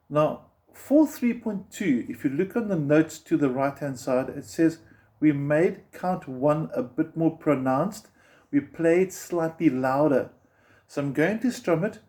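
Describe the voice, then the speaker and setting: Pria guru gitar bersuara hangat dan agak tinggi. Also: male voice, fairly high pitch, dark tone. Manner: patient, counts beats aloud while strumming. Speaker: guitar teacher. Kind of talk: step-by-step guitar lesson. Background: guitar strumming.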